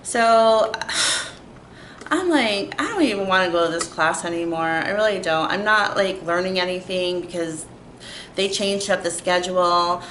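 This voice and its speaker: Exasperated young woman ranting, bright voice. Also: lowish voice, moderate pace, a little hiss or hum. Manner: exasperated, filler-heavy with constant "like". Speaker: vlogger. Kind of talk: storytime rant. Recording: echoey room with faint ambience.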